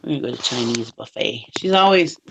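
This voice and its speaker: A woman's voice: extremely low pitch, animated, quick pace, creaky, background noise. A woman telling rambling everyday stories in casual chat, laughing often and swearing mildly.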